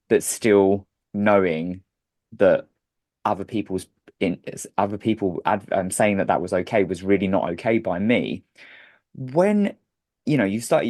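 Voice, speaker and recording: A man's voice: low-pitched, darkish tone. A man hosting a podcast, speaking in a reflective, thoughtful conversational way. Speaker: podcast host. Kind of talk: conversational interview.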